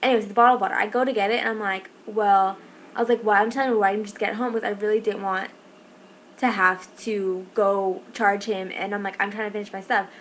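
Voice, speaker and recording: A woman's voice: medium pitch, steady tone, a bit bright, a little hiss or hum, rough recording. A young woman who manages a shift, telling a story in a casual vlog, rambling and exasperated, with lots of "like"s. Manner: fast, rambling, exasperated retelling with many "like"s.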